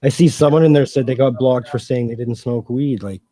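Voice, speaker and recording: A man co-hosting a livestream in casual chat, calmly explaining things in a matter-of-fact way. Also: medium pitch, a little fast.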